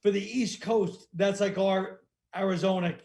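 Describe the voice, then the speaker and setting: A man's voice: sits high, fairly even intonation, unhurried, vocal fry, a little mellow. A male comedian, talking in blunt, wry riffs that ramble on in loose runs. His voice sits well above the usual male range. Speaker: comedian guest. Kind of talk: casual comedic chat.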